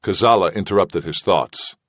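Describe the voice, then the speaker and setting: A man reading an audiobook narration in a steady, measured way. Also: low-pitched, no room sound, clean studio sound. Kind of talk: scripted narration.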